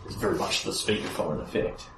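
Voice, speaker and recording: A man narrating as game master of a tabletop game, explaining events in a relaxed way. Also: deep voice, brisk, background noise. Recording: echoey room, mic at a distance.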